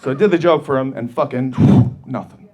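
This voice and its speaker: A man's voice: mid-range voice, brisk, muffled recording, very noisy. A man telling a profane story in a stand-up comedy set, brash and laughing along as he goes.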